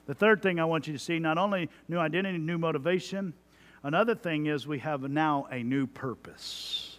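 A man in his forties from Texas preaching a sermon as pastor, animated, with lively asides about his own family. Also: on the high side, fairly quick. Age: 40s. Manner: animated preaching, mimicking a parent's stock phrases.

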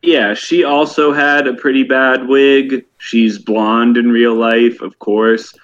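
A man with a mid-pitched voice vents in casual podcast chat, trailing through fillers and casual swears. His recording sounds dull and lo-fi. He comes across frustrated. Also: flat delivery, slow. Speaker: podcast co-host.

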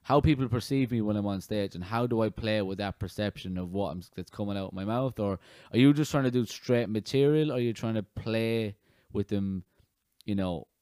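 A man's voice: on the low side, brisk, a little mellow, clear, resonant tone, dry recording, clean studio sound. A man hosting a casual interview in a chatty, rambling way, often restarting his sentences. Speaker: podcast host, interviewer.

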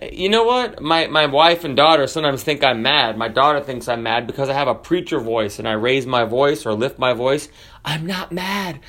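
A male pastor preaching a sermon and reading scripture aloud, swinging his voice up for emphasis and slowing down on key phrases. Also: fairly bright tone. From United States. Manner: varies pitch and pace widely, rising for emphasis and slowing on key phrases.

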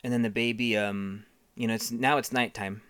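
A comedian telling a rambling, profane improvised story in a deadpan way. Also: mid-range voice, moderate pace, smooth, dry recording.

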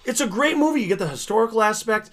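A man's voice: high-pitched, lively intonation, a bit bright. A man co-hosting a casual podcast chat, enthusiastic and jokey as he raves about a movie. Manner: enthusiastic, jokey, quick to laugh. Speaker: podcast co-host.

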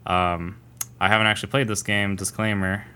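A man with a deep, smooth, resonant voice co-hosts a casual gaming podcast. He speaks with a flat, steady melody, measured and thoughtful, pausing often on ums. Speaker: podcast co-host.

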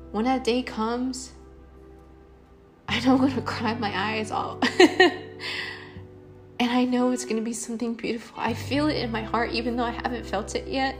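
Young woman rambling on her podcast, earnest, lots of ums, faint music behind. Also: on the high side. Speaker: podcast host. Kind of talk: casual solo podcast talk.

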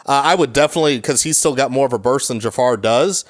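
A man co-hosting a sports podcast in casual chat, animated and swearing, acting out quotes with a raised voice. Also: mid-range voice, fast, dry recording, studio quality. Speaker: podcast co-host.

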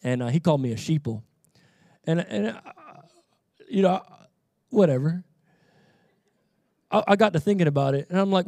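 A man preaching a sermon, moving between relaxed conversational storytelling and loud, fervent declaration. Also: a little high, moderate pace, creaky, long pauses, dry recording, clean studio sound. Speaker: pastor.

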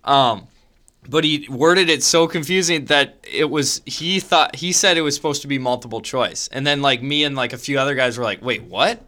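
A young man co-hosting a podcast, easygoing and quick to laugh, rambling through stories. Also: medium pitch, pushed and bright. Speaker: podcast co-host. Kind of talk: casual podcast chat.

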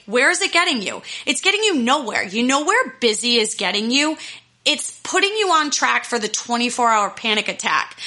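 A woman's voice: fairly high pitch, sharp tone. A young adult woman life coach talking casually to her listeners, candid and fired-up, swearing freely as she gives advice. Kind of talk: casual solo talk to listeners.

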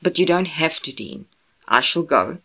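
A woman voicing an earnest grown man who speaks in measured, formal phrases. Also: sits low, animated, gravelly, bright, forceful tone, breathy edge, full character voice.

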